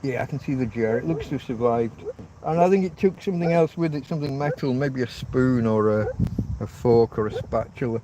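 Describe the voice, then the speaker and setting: A man's voice: medium pitch, brisk, far from the mic. An older man from England, livestreaming a casual, rambling chat outdoors under an umbrella and swearing casually. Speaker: livestreaming vlogger. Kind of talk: casual live-stream chat. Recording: loud background noise.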